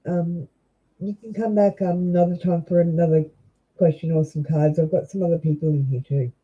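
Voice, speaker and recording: Husky Australian woman doing live tarot readings. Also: fairly low pitch, fairly even intonation, narrow, tinny audio. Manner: chatty, halting, with many ums and restarts. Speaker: tarot reader. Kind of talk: live-stream card reading.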